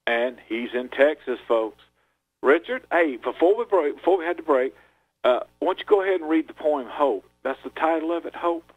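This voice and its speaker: A man's voice: a little high, husky, rough recording. A man hosting a radio talk show, asking a guest casual questions and often stumbling over his words. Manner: warm, repetitive, stumbling questions.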